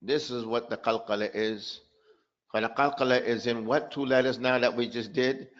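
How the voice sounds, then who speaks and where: A man teaching a live online pronunciation lesson, repeating example words and asking his students quick questions. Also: mid-range voice, fairly even intonation, a bit bright, muffled recording. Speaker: tajweed teacher.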